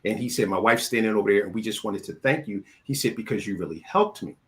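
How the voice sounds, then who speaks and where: A man's voice: fairly low pitch, fast talker, a bit bright. A man hosting a film interview, chatting casually and telling stories, often repeating words as he starts a sentence. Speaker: interview host.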